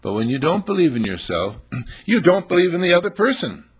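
A man's voice: high-pitched, sing-song, a little fast, slightly rough. A man preaching a sermon, emphatic and full of rhetorical questions, acting out little scenes as he goes.

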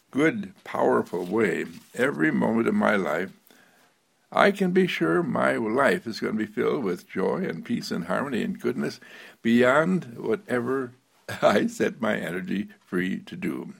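A man's voice: mid-range voice, creaky, husky. A man giving a short inspirational self-help talk, repeating phrases with emphasis and an occasional chuckle. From United States. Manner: repetitive, emphatic, chuckling now and then. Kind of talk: inspirational monologue.

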